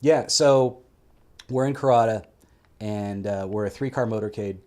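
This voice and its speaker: A man guest telling a story in a casual, animated way, swearing freely and acting out quoted voices. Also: on the low side, a little slow. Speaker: guest, military veteran.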